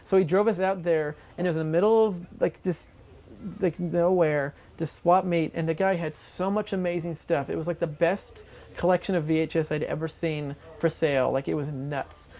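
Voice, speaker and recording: For a documentary, an interviewee tells a long anecdote in an excitable, rambling way, full of fillers. The voice is medium-pitched at a moderate pace.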